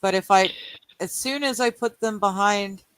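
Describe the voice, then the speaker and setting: A woman's voice: mid-range voice, moderate pace, fairly bright tone, smooth. A woman co-hosting a casual livestream, talking in a distracted way with frequent exclamations. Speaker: livestream co-host. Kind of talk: casual chat.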